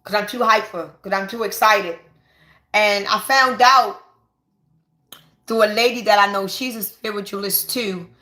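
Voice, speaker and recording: A woman, giving an excited, emphatic spiritual monologue to her viewers and repeating herself for stress. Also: mid-range voice, measured pace, pauses often. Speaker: spiritual vlogger. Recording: echoey room.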